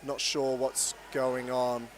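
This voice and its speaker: A man's voice: medium pitch, monotone, takes it slowly. A man with a New Zealand accent giving chatty live sports commentary, with many fillers and restarts.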